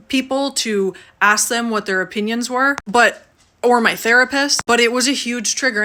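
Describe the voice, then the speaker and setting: Woman, vlogger, bright tone, casual storytelling, loose chatty delivery. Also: a little high. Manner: casual, conversational, frequent fillers. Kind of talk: candid personal storytelling. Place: sauna.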